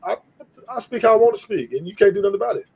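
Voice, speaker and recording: A man argues on a live stream, swearing freely and repeating his points. His voice sits high and sounds husky. He is combative and keeps pressing. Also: expressive, racing. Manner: profane, combative, repeats himself. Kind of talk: heated live-stream argument.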